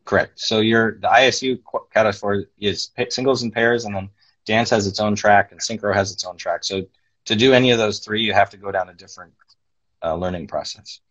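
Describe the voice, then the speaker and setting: A man, a figure skating judge and former pair skater, chatting casually in an interview and telling animated stories. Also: fairly low pitch, fairly quick, dull audio. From North America. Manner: animated storyteller, acts out quoted voices.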